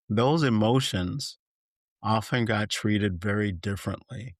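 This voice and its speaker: A man hosting a solo podcast as a life coach, speaking in an earnest, gentle and reflective way, and rising in emphasis as he lists points. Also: fairly low pitch, expressive, unhurried, dry recording, clean studio sound.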